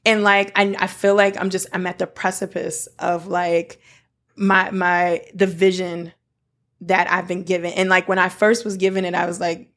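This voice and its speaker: A woman guest in an interview, talking in an excited, rambling way with many fillers and restarts, from South Africa. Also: fairly low pitch, normal speed. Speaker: guest, nonprofit founder. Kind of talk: casual interview talk.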